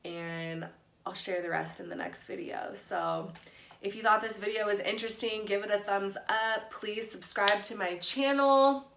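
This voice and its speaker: A woman's voice: mid-range voice, measured pace, vocal fry, fairly bright tone, slight background noise. Chatty woman vlogger in an echoey room. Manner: chatty, peppered with "like", blunt and profane. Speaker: YouTube vlogger. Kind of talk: casual storytelling to camera.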